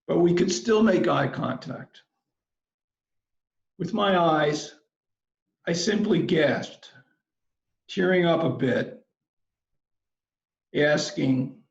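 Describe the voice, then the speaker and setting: A man delivers a commencement address in a slow, unhurried way, with a gravelly edge and a fairly high pitch. His telling is measured and reflective. The recording is roomy and a little dull. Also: expressive. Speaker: commencement speaker.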